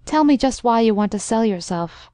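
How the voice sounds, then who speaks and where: A woman reading the part of a kind, impulsive young woman who speaks gently and with sympathy. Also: a little high, lively intonation, normal speed, dry recording, clean studio sound, natural voice. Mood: gentle.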